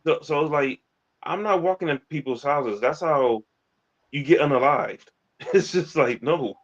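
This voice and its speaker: A man's voice: a little high, a little slow, dull audio. A man co-hosting a talk show in casual chat, laid-back with short blunt remarks. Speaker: co-host.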